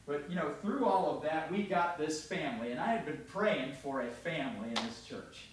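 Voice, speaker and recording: Animated storytelling pastor, a bit high. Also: male voice, normal speed, slight background noise. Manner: animated, conversational, often restarts. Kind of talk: storytelling sermon.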